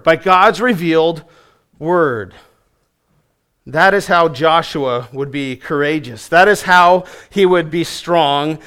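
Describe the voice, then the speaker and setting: A man with a high voice delivers a sermon. He pushes hard on key words, repeats phrases for weight and lets his voice sink at the close of each sentence. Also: fairly bright tone. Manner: emphatic preaching, rising on key phrases and dropping low at line ends. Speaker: preacher.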